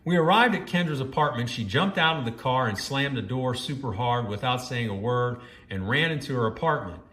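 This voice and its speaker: A man's voice: medium pitch, expressive, a little fast, fairly bright tone, echoey room. A man reading a first-person story aloud and breaking off into judgmental, scolding commentary.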